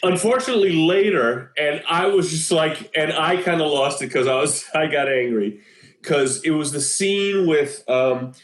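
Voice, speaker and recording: A man co-hosting a podcast, telling an animated story in casual chat and laughing often. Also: fairly high pitch, moderate pace. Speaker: podcast co-host. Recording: roomy echo.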